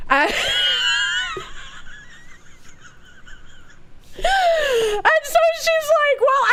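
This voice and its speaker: A young woman streamer giving casual movie commentary, rambling and animated, with many fillers and restarts. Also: high-pitched.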